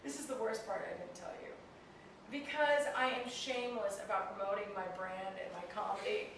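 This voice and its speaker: A woman in her thirties, a comedian, telling a story in a casual interview, animated and self-mocking, often laughing as she talks. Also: mid-range voice, moderate pace, a little hiss or hum. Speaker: comedian guest. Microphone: handheld flip video camera. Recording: echoey room from a distant camera mic.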